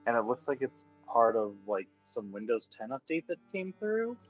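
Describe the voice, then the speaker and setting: A man's voice: medium pitch, very animated, normal speed. A man, a tabletop game player, chatting casually and explaining at length with lots of "like". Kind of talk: casual chat. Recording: dull lo-fi voice chat with faint music.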